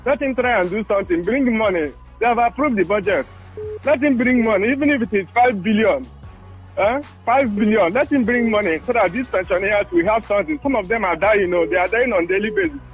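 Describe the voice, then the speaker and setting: A Nigerian man with a high, husky voice presses the same demand again and again on a call-in show. His voice comes through a dull, muffled phone line. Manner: insistent, repeats his demands. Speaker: caller. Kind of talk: call-in radio commentary. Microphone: phone call into a radio studio.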